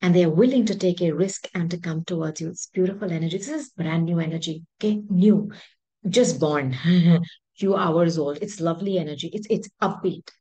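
A woman with a fairly low voice reads tarot straight to her viewers. She talks in an emphatic, rambling way. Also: normal speed, warm tone, breathy edge, low-quality recording. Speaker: tarot reader. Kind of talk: spoken tarot reading to viewers.

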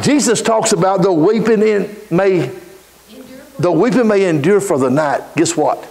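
A middle-aged man preaching a folksy storytelling sermon in church, building from easy anecdote into shouted fervor. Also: sits high, a little slow. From Texas.

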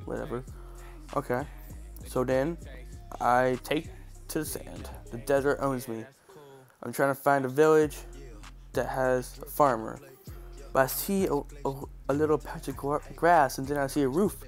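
A man's voice: mid-range voice, measured pace, long pauses, faint music behind. A man with a stuffy, congested nose giving casual, joking and sarcastic game commentary. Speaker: gaming channel host.

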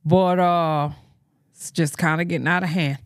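Casting: lowish-voiced woman, blunt slangy reaction host, dry close mic. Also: fairly even intonation, moderate pace, clean tone, dry recording. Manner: blunt, slangy, with muttered asides. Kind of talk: casual reaction commentary.

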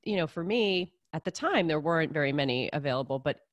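A low-pitched woman talks in a relaxed, chatty way as she hosts an interview. She laughs easily and fills her talk with little asides. The sound is dry and close. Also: fairly quick, no echo, lo-fi sound. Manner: chatty, laughing, lots of fillers. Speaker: podcast host, physician assistant. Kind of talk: casual interview chat.

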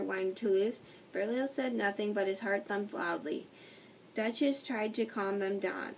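A woman reads a children's storybook aloud at a middle pitch, careful and unhurried. She often stumbles and restarts her words. Her voice sounds distant from the mic, over a faint hiss. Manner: slow, careful reading with frequent slips and restarts. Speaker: storybook reader. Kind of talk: reading a children's book aloud.

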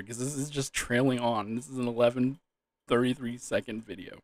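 A man chats casually to camera and keeps dissolving into giggles. His voice sits at an ordinary middle pitch and sounds dry-mouthed. The recording is close to the microphone with no room sound. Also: moderate pace, no echo. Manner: giggly, repeatedly losing composure in a laughing fit. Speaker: gaming video creator. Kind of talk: casual solo vlog talk.

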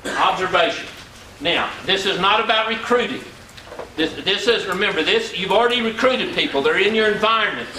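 With a high, pushed, bright voice and lively intonation at a moderate pace, a sixties-aged man gives an earnest business seminar talk full of emphatic repetition. The hall echoes, the mic is far away, and there's faint ambient noise.

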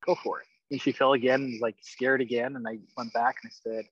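A man calling into a coaching session, telling a personal story in a casual, excited way and swearing freely. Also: medium pitch, fast, husky, no echo, lo-fi sound. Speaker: caller on a coaching call. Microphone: online call.

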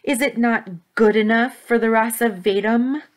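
A woman's voice: fairly high pitch, fairly even intonation, normal speed, voice pushed up, close to an everyday voice. A woman voicing a boastful, scornful boy villain in a read-aloud story. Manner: taunting, scornful. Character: scheming boy turned proud villain.

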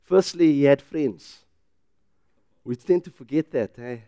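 A middle-aged man, a pastor who preaches with loud, emphatic rises and then drops into a quiet, personal telling. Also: medium pitch, a little slow, dry recording, muffled recording. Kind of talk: sermon.

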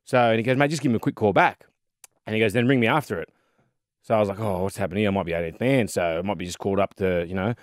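Here's a lowish, racing voice from a thirties-aged Australian bloke, once a rugby league player and now a podcast co-host. He tells footy yarns in a relaxed chat, packed with fillers and plenty of "mate." There's no room sound, just a clean studio capture.

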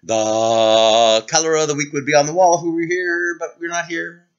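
A man teaching circle time to preschoolers over a computer camera, talking in a gentle, playful way to small children. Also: fairly high pitch, steady tone, moderate pace, clear, resonant tone, dull audio. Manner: gentle, playful, sing-song talk to small kids. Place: indoors, away from the classroom. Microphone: computer webcam.

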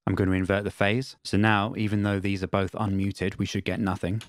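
Low-voiced man explaining audio software. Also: little pitch movement, a little fast. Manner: plain, matter-of-fact explaining with repeated test phrases. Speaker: music production tutor. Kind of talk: screen-recorded software tutorial.

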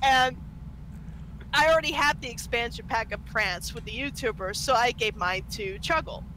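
A high, bright woman's voice, lively and swooping, telling a story while she plays a game. She laughs often and acts out what others said. Faint noise sits under the voice. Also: normal speed, poor audio. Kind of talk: casual storytelling over gameplay.

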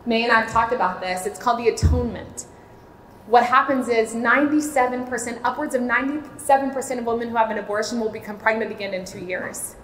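A woman's voice: on the high side, fairly bright tone, slight background noise. A woman in her late thirties from Florida gives a heartfelt personal testimony at a church seminar. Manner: earnest and heartfelt, speaking openly. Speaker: speaker, maternity home director. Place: church hall. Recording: echoey church hall.

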